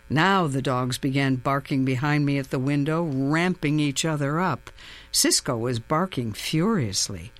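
Slow, expressive woman narrating a story. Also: low voice, no echo. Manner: expressive storytelling, tense in suspense. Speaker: audiobook narrator. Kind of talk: first-person audiobook narration.

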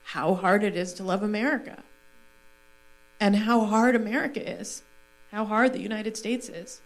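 A woman in her forties talks openly on a stage panel, laughing often and turning reflective. She also reads a literary passage aloud, with a steady middle pitch. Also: normal speed, rough recording. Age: 40s. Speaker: author on a panel. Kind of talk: stage conversation and reading aloud.

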